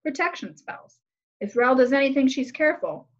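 A woman's voice: high-pitched, animated, moderate pace. A woman reading aloud, voicing an arrogant, impatient fairy-tale prince who speaks coldly and curtly. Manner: cold, curt and commanding. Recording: slightly muffled lo-fi recording.

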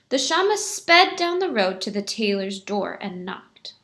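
A woman reading a picture book aloud to children like a teacher, pausing to explain words. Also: mid-range voice, big pitch swings, fairly bright tone. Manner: explains words to young listeners. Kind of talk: read-aloud storytelling for children.

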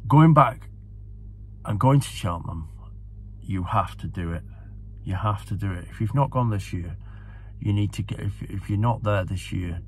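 A man's voice: deep voice, fairly bright tone, husky. A man talking casually to camera, enthusiastic and rambling, often repeating himself as a horse racing tipster.

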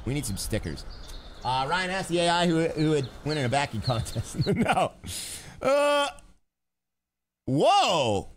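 A man streaming a game live, chatting excitedly with his viewers and laughing often. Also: on the high side, unhurried, pauses often, a little hiss or hum. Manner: excitable, laughing, talks to chat. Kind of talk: live gaming stream chat.

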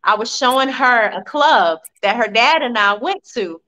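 A woman in her forties from Virginia, a podcast guest and mother, telling family stories in an animated, chatty interview. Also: a little high, measured pace, poor audio. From Virginia, USA. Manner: animated, warm storytelling with laughs. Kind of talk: casual interview storytelling.

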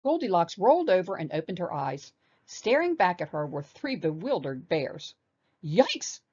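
A woman reading a children's story aloud with animated expression. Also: on the low side, moderate pace, husky, highs cut off.

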